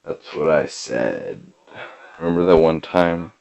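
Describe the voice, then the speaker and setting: A man hosting a podcast, delivering a rambling deadpan comedy monologue full of fillers and hesitations. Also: rumbling low, slow pace, gravelly, low-quality recording. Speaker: podcast host.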